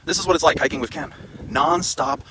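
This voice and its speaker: A man with a slightly high voice rambles cheerfully along an outdoor trail, cracking jokes at his own expense. He talks into a handheld camera as he walks. Clear outdoor ambience and passing traffic sit behind his voice. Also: fairly quick. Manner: joking, rambling, self-mocking. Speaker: vlogger. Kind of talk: rambling casual chat while hiking. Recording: outdoor wind and traffic noise.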